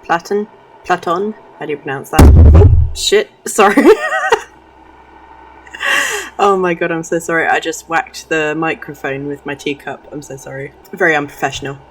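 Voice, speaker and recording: A woman's voice: sits low, moderate pace, pauses often, noisy background. A woman streaming a game, chatting casually, giggling often and poking fun at herself. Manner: giggly, chatty, self-deprecating. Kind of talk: casual let's-play commentary. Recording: voice somewhat far from the mic.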